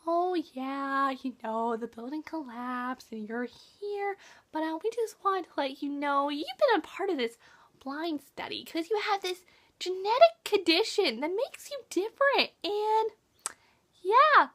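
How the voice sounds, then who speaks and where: Scheming doctor, high, light and breezy, glossing over a betrayal; woman putting it on. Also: lively intonation, measured pace, a bit bright, full character voice. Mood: falsely casual. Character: smooth-talking scheming doctor, falsely reassuring.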